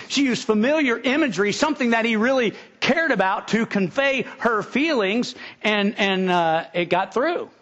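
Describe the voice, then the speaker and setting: A man's voice: fairly high pitch, a bit bright. A middle-aged male pastor preaching a sermon in an earnest way, often restarting and building to emphatic peaks. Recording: slightly dull lo-fi recording.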